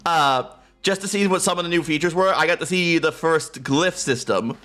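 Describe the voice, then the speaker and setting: His voice is a little high and bright, at a normal speed, as he live streams a game from his home room on a close desk mic. The chat is casual and playful, and he keeps breaking into giggles and laughter.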